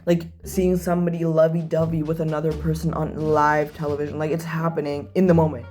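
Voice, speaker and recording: A young woman chatting casually while doing her makeup, animated and gossipy, with lots of "like" and sudden loud bursts. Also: deep voice, a little fast. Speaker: video creator.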